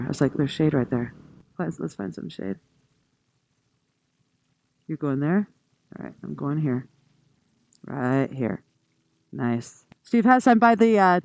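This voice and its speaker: A woman's voice: deep voice, darkish tone, dry recording, rough recording. A woman vlogging from her scooter, chatting in a rambling way and laughing often. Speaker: motovlogger. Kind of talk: casual chat while riding. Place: on a scooter on the road outdoors. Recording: road and wind noise. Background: traffic and engine noise.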